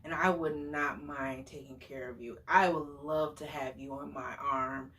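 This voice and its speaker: A woman imitating a soft-spoken flattering older suitor. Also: a bass voice, measured pace, voice pushed down. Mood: earnest. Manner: soft, earnest, pleading compliments. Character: smooth-talking flattering man in his late forties.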